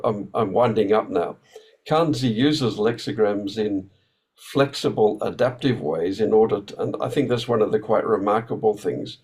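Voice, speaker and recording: Lowish-voiced man giving an academic talk. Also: darkish tone, low-quality recording. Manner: hesitant, with frequent fillers and restarts; thoughtful, explanatory. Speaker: academic speaker.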